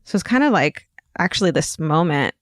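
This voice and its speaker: A woman's voice: deep voice, expressive, brisk, no room sound. A woman co-hosting a podcast from home over a video call, chatting casually with dry, wisecracking jokes and offhand swearing. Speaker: podcast co-host. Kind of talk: casual chat.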